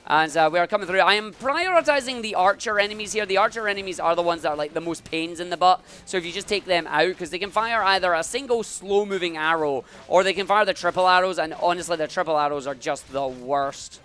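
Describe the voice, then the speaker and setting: A man's voice: sits high, quick pace, few pauses, pushed and bright. Give me a man narrating his own speedrun live, calling every jump and dash. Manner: upbeat, talks through each move as he plays.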